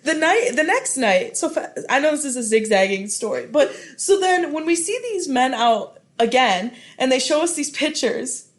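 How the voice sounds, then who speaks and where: A woman's voice: sits high, normal speed, hardly any pauses. A young woman hosting a podcast, telling stories in casual chat with lots of giggling. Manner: giggly, animated storytelling. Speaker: podcast host.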